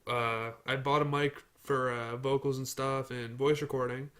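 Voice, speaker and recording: A man's voice: mid-range voice, flat delivery, moderate pace, a bit bright. A young man hosting a casual podcast, telling rambling stories and teasing his friends. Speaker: podcast host. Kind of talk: casual chat.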